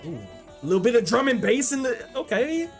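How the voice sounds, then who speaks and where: Excitable man reacting to anime music. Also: very high-pitched, brisk. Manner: excitable, swears casually, many restarts and fillers. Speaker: anime reaction channel host. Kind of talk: casual reaction commentary.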